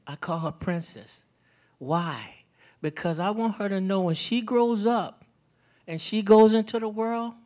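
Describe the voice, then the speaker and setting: Animated father telling family stories. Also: high-pitched. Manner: animated, repeats phrases for emphasis. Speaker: panel guest, father and mentor. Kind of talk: personal storytelling in a community panel.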